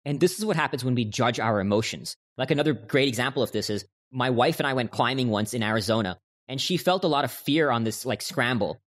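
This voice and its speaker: A man's voice: medium pitch, expressive, quick pace. A man talking as a podcast guest, earnestly explaining his ideas through stories and quotes. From United States. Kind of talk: conversational interview.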